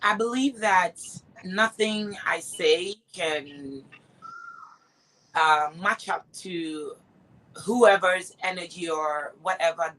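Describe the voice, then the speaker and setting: A woman's voice: on the low side, slow pace, fairly bright tone, low-quality recording. A woman guest on a live talk show, a singer and dancer, speaking in an upbeat, motivational way. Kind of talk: live interview.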